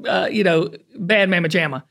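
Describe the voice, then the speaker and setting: A woman from the American South with a Southern accent, hosting a podcast in an animated, folksy, chatty way. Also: fairly low pitch, moderate pace. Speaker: podcast host. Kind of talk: casual chat.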